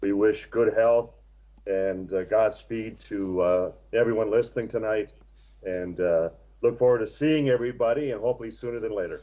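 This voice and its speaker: An American man in his sixties, a guest author telling his story in a measured, reflective way with frequent hesitations. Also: fairly low pitch, dark tone, highs cut off. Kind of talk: interview conversation.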